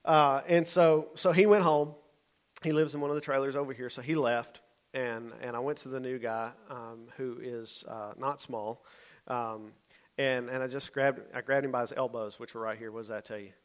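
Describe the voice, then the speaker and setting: A man's voice: mid-range voice, steady tone, moderate pace. A man, a youth pastor telling a story in a sermon, conversational and often checking in with his listeners.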